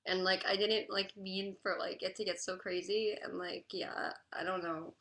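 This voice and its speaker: A young woman crying through a livestream chat, halting and apologetic, with the word "like" in almost every phrase. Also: mid-range voice, flat delivery, bright, forceful tone. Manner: halting, apologetic, full of "like" fillers.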